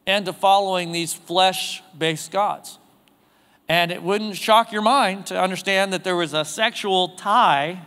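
A pastor with a high, smooth, resonant voice preaches to his congregation. He talks casually and throws questions out to the room. A long reverb trails off the walls of the church. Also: pushed and bright. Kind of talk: sermon. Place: church sanctuary.

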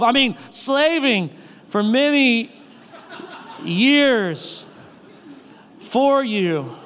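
A man's voice: extremely high pitch, fairly bright tone, full character voice. A pastor voicing a whiny, self-pitying older brother who drags out his complaints. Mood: complaining. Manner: whining, drawn-out, complaining. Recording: long reverb of a hall.

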